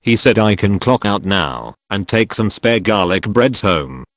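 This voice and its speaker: Synthetic male narrator for online stories, low-pitched, lively intonation, dry close sound. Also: a little slow, dry recording. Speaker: narrator reading online posts. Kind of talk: scripted narration.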